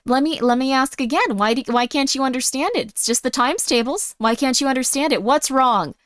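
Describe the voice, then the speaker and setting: A woman's voice: high-pitched, fairly quick, fairly bright tone, dry recording, studio quality. A woman putting on a passive-aggressive mother who scolds her child in a falsely sweet tone. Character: nagging guilt-tripping mother, middle-aged woman. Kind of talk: playful role-play.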